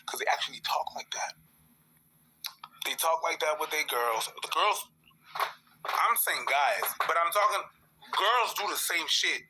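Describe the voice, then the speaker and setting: A man co-hosting a casual talk show who speaks fast and animatedly, acting out what others say. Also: a little high, a little hiss or hum, rough recording. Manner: fast, animated, acts out quotes. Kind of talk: casual discussion.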